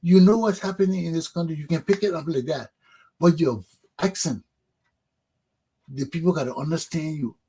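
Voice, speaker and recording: A man's voice: a little high, warm tone, husky. A middle-aged man with a Liberian accent, hosting a talk show in an emphatic, preachy monologue that repeats its points. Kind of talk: animated opinion monologue.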